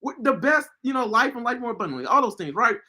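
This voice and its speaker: Male online Bible teacher, preaches casually and passionately, pitch swooping all over. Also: fast. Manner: animated, rhetorical questions, bursts of shouting. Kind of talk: informal devotional preaching from scripture.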